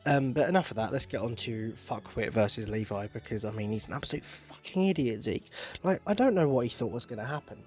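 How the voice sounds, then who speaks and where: A man's voice: mid-range voice, lively intonation, a little fast, a little mellow. A man hosting a podcast, ranting in a sarcastic, profane, exasperated way. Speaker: podcast host. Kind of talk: casual podcast rant.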